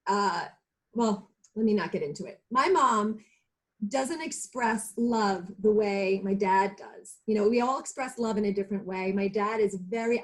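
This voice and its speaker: A woman's voice: a little high, rough recording. A woman chatting earnestly and effusively on a talk show over a video call, with many fillers. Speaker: regular of a women's talk show. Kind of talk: casual heartfelt chat.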